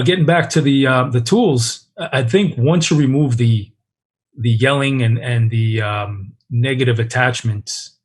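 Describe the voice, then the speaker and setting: Male guest, father, husky mid voice, earnest and reflective. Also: medium pitch. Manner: earnest, with frequent restarts. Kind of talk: reflective interview talk.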